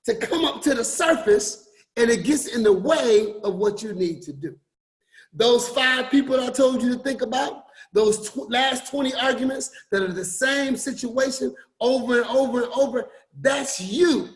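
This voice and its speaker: A man giving a motivational talk to an online group, repeating his points and swinging between loud emphasis and quiet drops. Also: very high-pitched, expressive, normal speed. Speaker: forex coach and motivational speaker.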